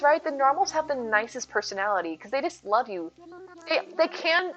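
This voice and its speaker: A woman's voice: on the high side, a bit bright, highs cut off. A woman streamer chatting casually with her viewers, answering them by name. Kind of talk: casual live-stream chat.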